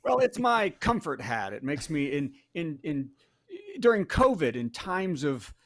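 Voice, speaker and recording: A man's voice: a little high, sing-song, measured pace, fairly bright tone, no echo. A man in his fifties, a comedian doing a stand-up storytelling bit and acting out the voices in it. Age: 50s.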